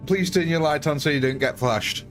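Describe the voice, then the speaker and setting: A man's voice: fairly high pitch, moderate pace, soft background music. A young man with a northern English accent, chatting on a live stream, answering viewers by name and laughing often. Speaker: game streamer. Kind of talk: live-stream chat and commentary.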